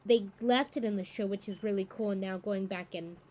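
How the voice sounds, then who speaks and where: A woman's voice: mid-range voice, moderate pace, darkish tone, low-quality recording. A woman hosting a book-reading channel, chatting casually to camera in a rambling, enthusiastic way with lots of fillers.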